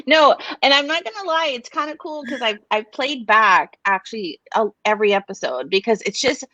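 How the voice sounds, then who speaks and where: A chatty woman co-host rambles through a casual chat, her voice lively and swooping, set a little high. The sound is dry and dull, like lo-fi call audio. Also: normal speed, no echo. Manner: chatty, rambling, many fillers and restarts. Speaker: podcast co-host. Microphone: live stream video call.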